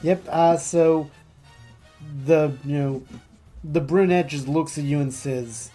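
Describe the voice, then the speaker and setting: Male game master, mellow, slightly high, easygoing narration. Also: fairly even intonation, slow, soft background music.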